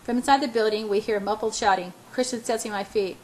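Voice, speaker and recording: A woman's voice: medium pitch, steady tone, fast, slight background noise, rough recording. A woman reading a first-person novel aloud, often stumbling and restarting words. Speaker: audiobook reader.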